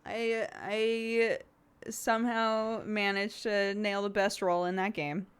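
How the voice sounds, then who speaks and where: A woman's voice: medium pitch, little pitch movement, takes it slowly, clear, resonant tone. A woman who streams and voice-acts, chatting casually with her viewers and laughing often. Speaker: streamer and voice actor. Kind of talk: casual chat answering chat.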